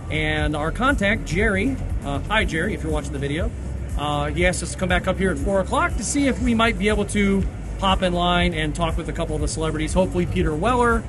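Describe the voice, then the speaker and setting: A man hosting a casual convention vlog, talking in an excitable, rambling and chatty way. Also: on the high side. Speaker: YouTube channel host. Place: busy convention hall.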